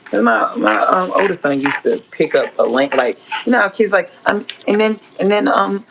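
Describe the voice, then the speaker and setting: On very noisy audio, a woman with a mid-range voice speaks at normal speed while cooking for her stream. This home cook and food vlogger rambles, scolds, and cusses freely in a blunt, casual livestream chat.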